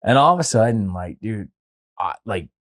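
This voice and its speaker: A man's voice: lowish voice, lively intonation, moderate pace. A young man, a podcast guest, telling a long personal story in casual chat, full of filler words like "like" and "dude".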